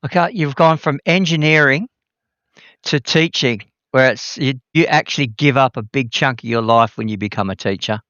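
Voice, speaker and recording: A man from Western Australia, a guest on a podcast interview, talking in a wry, joking, relaxed way. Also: mid-range voice, normal speed, dry recording, highs cut off. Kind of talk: casual conversational interview.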